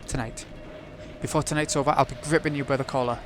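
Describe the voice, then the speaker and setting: A man's voice: medium pitch, fairly even intonation, fast, music in the background, lightly acted. A man reading a visual novel aloud, voicing a grieving, hot-headed young man who makes bitter, defiant outbursts.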